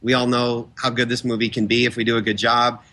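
A man being interviewed about his films, chatting casually and acting out other people's words as he tells stories. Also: mid-range voice. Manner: fast, animated storyteller who acts out quotes. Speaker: guest filmmaker.

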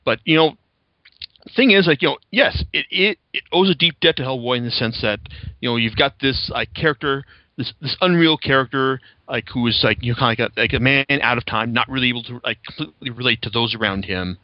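A man's voice: medium pitch, fairly quick, no echo, highs cut off. A young man hosting a podcast, chatting casually about comics with lots of fillers and restarts. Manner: rambling, many fillers and restarts. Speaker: podcast host.

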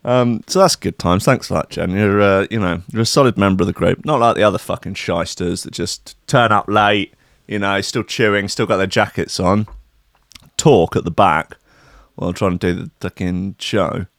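A man's voice: deep voice, normal speed, fairly bright tone, no echo, studio quality. A man hosting a casual comedy show, talking in a sweary, rambling and sarcastic way. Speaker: host.

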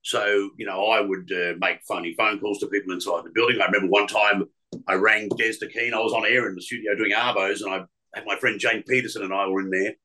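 Aussie radio guy telling old stories, lowish voice with a bright forceful edge, keeps restarting. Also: fairly even intonation, quick pace, rough recording. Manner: rambling, many restarts and fillers. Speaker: radio presenter guest. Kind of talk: casual storytelling interview.

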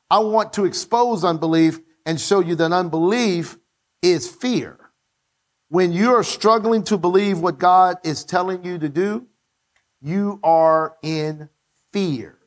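A high-pitched male pastor preaches a sermon in church, repeating phrases and calling on the congregation to say them along with him.

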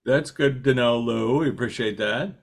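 A man hosting a relaxed conversation, asking his guest many questions. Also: medium pitch, moderate pace, creaky. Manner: animated, asks many questions. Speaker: podcast host. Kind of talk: casual conversation.

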